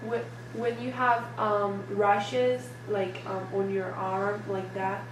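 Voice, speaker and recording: A woman relaying questions from the audience, hesitant and filling pauses with "um". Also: medium pitch, little pitch movement. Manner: hesitant, with many fillers. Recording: distant, echoey, with hum.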